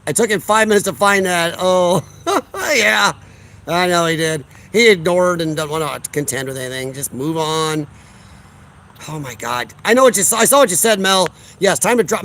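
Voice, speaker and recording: A man's voice: fairly high pitch, sharp tone, slight background noise. A man from Illinois hosting a casual livestream outdoors on a deck, reading chat aloud in a blunt, combative, sarcastic way.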